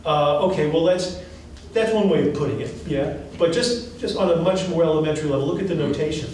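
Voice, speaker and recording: A music professor, a man, quizzes his students during a classroom lecture in an animated, encouraging way. His slightly high, brisk voice reaches a distant mic from across the room, and the recording is very echoey with faint hiss beneath.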